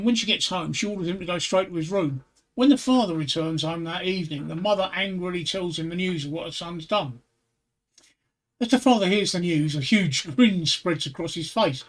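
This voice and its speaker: Male streamer, high-pitched and halting, telling jokes at home. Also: a bit bright. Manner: hesitant, stammers and repeats words. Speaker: host. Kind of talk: casual livestream chat telling jokes.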